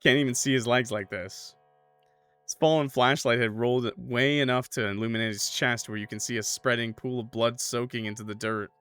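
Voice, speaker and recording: A man's voice: mid-range voice, fairly even intonation, fairly quick, fairly bright tone, clear, resonant tone, soft background music. A man playing a horror game, reading its text aloud and chatting casually between passages. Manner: casual, laid-back, lots of "like" and "bro". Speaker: streamer. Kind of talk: let's play, reading game text with commentary.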